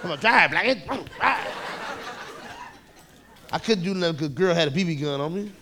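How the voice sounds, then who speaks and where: A man doing stand-up, telling a profane story loudly and acting out the voices of the people in it. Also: high-pitched, normal speed, noisy background. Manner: loud animated storytelling, profane, acts out voices. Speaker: stand-up comedian. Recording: live club recording with crowd laughter. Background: audience laughing.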